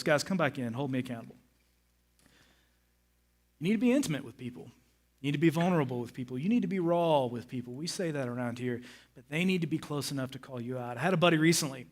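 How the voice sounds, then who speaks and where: Middle-aged male pastor, higher-pitched, lively storytelling sermon from a church stage. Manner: animated, acts out his own excited and lazy moods. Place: church stage before a congregation.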